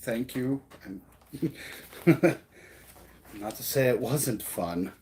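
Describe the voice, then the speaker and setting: An American man hosts a stream in a rambling, chatty voice, leaning on "um" and "like" as he goes. His voice sits at an ordinary middle pitch. A faint hiss and some clicks are audible behind him. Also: drawn-out words, a little mellow. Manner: rambling, filler-heavy, chatty. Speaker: streamer host. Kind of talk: casual chat.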